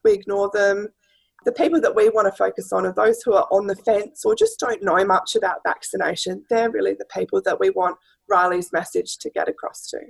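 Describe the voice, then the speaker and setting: An Australian woman with a gravelly, husky voice answers interview questions in an earnest, steady way. She speaks as a guest and charity director, and her voice sits at a middle pitch. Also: fairly quick, rough recording.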